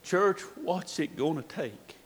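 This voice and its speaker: A man preaching a sermon, telling a story dramatically, his voice swinging from hushed to shouting. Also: a little high, animated, takes it slowly, husky. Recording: echoey hall reverb.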